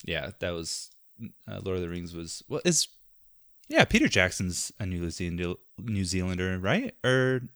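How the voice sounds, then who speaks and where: A man in his thirties chats casually on a podcast. His voice sits on the low side but sounds bright and forward, recorded close and dry. He gets animated, laughs often and sometimes trails off into mumbles. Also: unhurried, no room sound. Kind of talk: casual chat.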